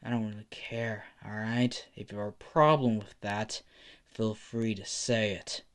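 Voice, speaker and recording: A man voicing a cold, contemptuous teenage boy swordsman who mutters dismissively in a low, quiet voice. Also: little pitch movement, unhurried, lightly acted.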